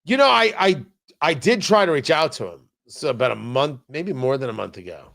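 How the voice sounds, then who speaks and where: Male commentary host with a high-pitched voice, sarcastic and exasperated, halting restarts. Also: very animated, vocal fry, fairly bright tone. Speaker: talk show host. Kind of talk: political commentary show.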